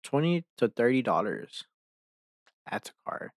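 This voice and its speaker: A young man hosting a podcast, chatting casually and ranting with heavy profanity, quickly exasperated. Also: fairly low pitch, dry recording. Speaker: podcast host. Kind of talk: casual chat.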